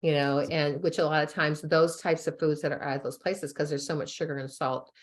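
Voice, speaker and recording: A woman physician telling stories in a casual interview, animated and full of "you know" fillers, often breaking into laughter. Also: low-pitched, fairly quick. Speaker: chiropractic sports physician and author, guest.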